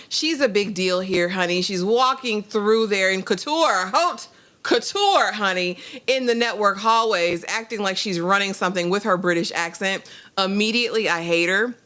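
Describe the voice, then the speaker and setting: A woman with a bright, edgy tone at a middle pitch, walking through a drama episode. She teases the characters with sassy asides and keeps handing questions to her co-host. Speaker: co-host of a TV review show. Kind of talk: casual TV recap chat.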